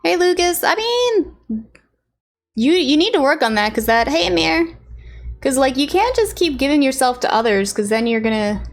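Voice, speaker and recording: High-voiced woman chatting with viewers. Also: very animated, moderate pace, faint music behind. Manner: chatty, greets viewers by name. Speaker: live streamer. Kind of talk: casual chat with viewers.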